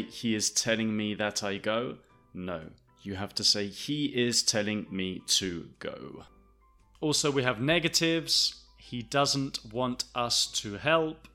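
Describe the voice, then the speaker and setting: A man's voice: medium pitch, takes it slowly, pushed and bright, soft background music. A man teaching an English lesson, explaining carefully and repeating each example sentence.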